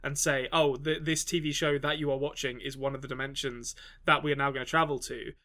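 A man's voice: medium pitch, little pitch movement, brisk, bright, forceful tone. A man co-hosting a podcast in casual chat, talking with frequent fillers and restarts. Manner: hesitant, many restarts and fillers. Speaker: podcast co-host.

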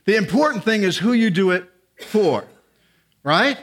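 A man's voice: high voice, big pitch swings, measured pace. A man preaching a sermon to a church congregation, conversational and earnest, often restarting his sentences and building to emphatic appeals. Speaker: guest preacher. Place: church sanctuary.

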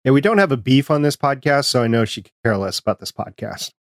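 A man co-hosts a casual podcast, speaking in a plain, matter-of-fact way. His voice has a middle pitch for a man. The recording is close and dry. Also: animated, quick pace, no room sound. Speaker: podcast co-host.

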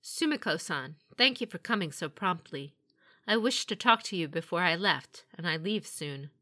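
Storybook audiobook voice of a calm male samurai lord, grave and restrained in manner, as a woman narrator speaks for him. Formal, deliberate phrasing in a lowish voice with a bright, crisp edge.

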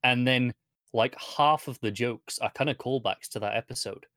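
A man's voice: mid-range voice, moderate pace, fairly bright tone, no echo, clean studio sound. Man chiming in dryly on a podcast. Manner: chiming in with short remarks. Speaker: podcast co-host. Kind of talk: casual chat.

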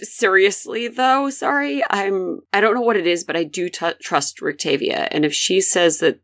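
A woman's voice: medium pitch, normal speed. A woman playing a tabletop game, speaking earnestly and a little hesitantly. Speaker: player. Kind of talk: casual tabletop game chat.

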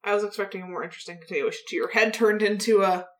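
A woman's voice: medium pitch, racing, echoey room. A woman playing a tabletop game, teasing and laughing often. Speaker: player. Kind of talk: casual tabletop play.

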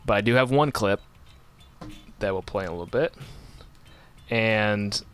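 A man's voice: lowish voice, unhurried, fairly bright tone, soft background music. A man hosting a podcast, chatting casually and telling rambling stories with frequent self-corrections. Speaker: podcast host. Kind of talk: casual chat.

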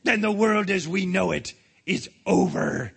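A man voicing a gruff male crab restaurant owner in an overwrought, pirate-like growl, read aloud from a storybook. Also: high-pitched, a little slow, heavily acted. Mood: desperate.

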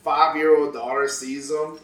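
A man's voice: fairly high pitch, level tone, measured pace, distant mic, a loud crowd. A man, a comedian guest on a podcast, telling jokes in a dry, provocative way in casual chat. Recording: echoey and off-mic.

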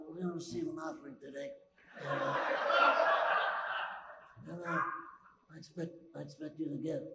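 A hushed, gravelly old crime boss who speaks in quiet, threatening tones, as a preacher puts him on. The sound carries through a large, echoing hall with heavy noise underneath. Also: male voice. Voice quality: gravelly, low mumbling. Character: soft raspy old mafia boss, menacing. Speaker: pastor. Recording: roomy hall, loud noise.

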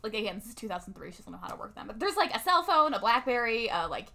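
A young woman casually recapping a movie with a friend, chatty and quick to laugh as she acts out lines. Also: a little high, sing-song, vocal fry, bright, forceful tone. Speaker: podcast co-host.

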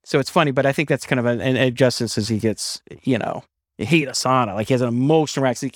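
A man's voice: mid-range voice, fast talker, no echo, studio quality. A man co-hosting a podcast, telling stories in casual chat with emphatic bursts and frequent restarts. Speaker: podcast co-host.

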